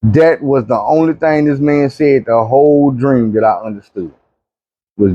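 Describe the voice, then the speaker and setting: A man telling a long dream story, animated, dropping low and quiet when he pleads. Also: a little slow, lo-fi sound. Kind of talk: recounting a dream testimony.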